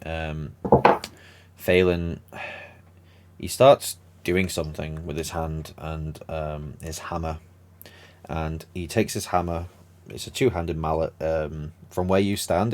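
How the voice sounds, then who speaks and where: A man with a very low voice narrates a tabletop campaign as game master. He rambles, fills gaps with ums and corrects himself as he describes the scene.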